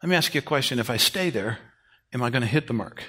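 Bright-voiced folksy male preacher. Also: mid-range voice, fast, husky. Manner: folksy, animated storytelling with shouted asides. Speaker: pastor. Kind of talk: sermon.

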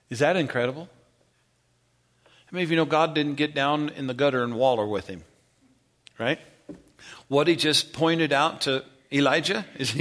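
A man preaching a sermon, retelling scripture with animated storytelling and questions to the congregation. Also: mid-range voice, normal speed, pauses often. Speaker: pastor.

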